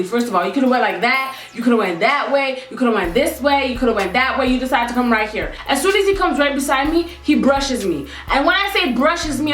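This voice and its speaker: Animated young woman telling a story, high voice. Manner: animated and emphatic, repeats lines for effect. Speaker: vlogger. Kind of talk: storytime vlog. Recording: echoey room with faint music.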